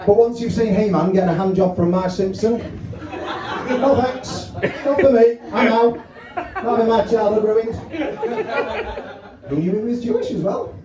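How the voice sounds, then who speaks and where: A man's voice: high-pitched, normal speed, pauses often, far from the mic. A man doing a stand-up comedy set, chatty and swearing, acting out phone calls, with a crowd laughing behind him. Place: small pub comedy room. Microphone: handheld mic, filmed from far by tripod camera. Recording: roomy pub room from afar with crowd laughter.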